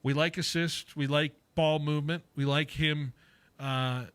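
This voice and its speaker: A man's voice: on the high side, fairly even intonation, a little slow, a bit bright, clean tone, no echo. A man hosting a sports talk radio show from a studio, rambling with many fillers and joking around with his co-host. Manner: rambling, lots of fillers and self-corrections; playful, jokes with co-host.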